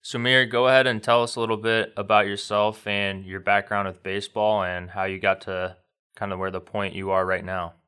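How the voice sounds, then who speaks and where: A man's voice: fairly low pitch, little pitch movement, normal speed, bright, forceful tone, clear, resonant tone, soft background music. A man co-hosting a podcast, asking long loose questions. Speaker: podcast co-host. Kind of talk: interviewer questions.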